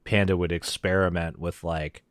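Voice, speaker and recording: A man's voice: low voice, little pitch movement, normal speed, no room sound, clean studio sound. A man co-hosting a podcast, talking enthusiastically and joking in a casual music discussion. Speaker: podcast co-host.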